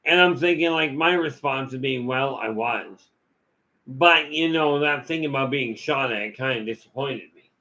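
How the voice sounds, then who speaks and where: A man's voice: fairly high pitch, normal speed, pushed and bright, rough recording. A man giving a rambling, folksy talk full of stories and asides as a vlog host. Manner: folksy, storytelling, many "you know" fillers.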